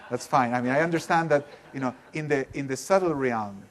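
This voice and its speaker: Man, seminar teacher, emphatic, animated, asks the audience questions, middle pitch. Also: a little fast. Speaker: workshop teacher. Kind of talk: live seminar talk.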